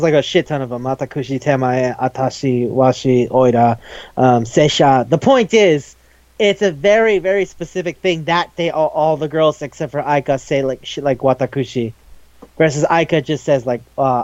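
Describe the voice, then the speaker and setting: A man with a fairly high voice chatting loosely about an anime, swearing freely and tossing off quick character voices as he retells scenes. The sound is dry and a little dull, close to the mic. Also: animated, a little mellow, dry recording. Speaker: podcast co-host. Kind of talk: casual chat recapping an anime.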